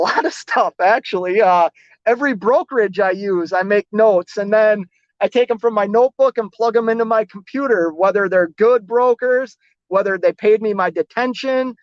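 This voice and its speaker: A man's voice: high-pitched, no echo. A man who drives trucks, chatting casually on a live stream and reading out viewer comments in a rambling, self-deprecating way. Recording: dull lo-fi, dry close sound.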